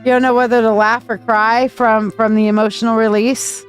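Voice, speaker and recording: A woman's voice: on the high side, little pitch movement, moderate pace, soft background music. Chatty American woman in her forties. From United States. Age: 40s. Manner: chatty, swearing, reading chat aloud. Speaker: psychic reader. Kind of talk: live-stream chat with viewers.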